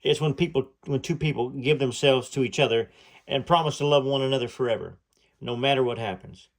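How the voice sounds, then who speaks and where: A man's voice: medium pitch, fairly quick, natural voice. A man voicing an earnest, hopeful young man in love, speaking in a heartfelt, pleading way.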